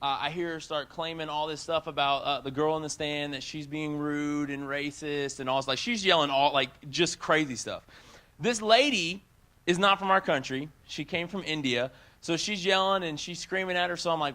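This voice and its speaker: A young man in his twenties gives a casual youth sermon with a high, bright voice. He tells his story in an animated, chatty way and keeps turning straight to the crowd. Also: moderate pace. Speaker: youth speaker.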